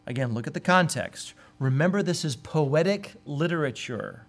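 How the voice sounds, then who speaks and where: A man delivers a sermon in an earnest, heartfelt way. His voice sits a little high for a man. He lifts into livelier tones when he acts out the people he quotes. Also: expressive, moderate pace. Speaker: pastor.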